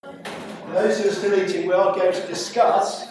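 A man preaching an informal sermon, reading scripture slowly and deliberately. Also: sits high, steady tone, darkish tone, soft background music. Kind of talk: informal sermon at a church evening meal. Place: large echoey church hall. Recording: very echoey hall, voice from far off, faint noise.

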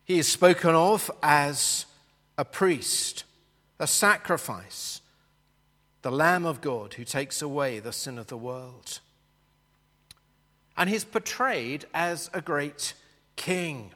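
A man teaching a Bible lesson, talking slowly and explaining patiently as he sketches a map for the class. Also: a little high, expressive, a bit bright, long reverb tail.

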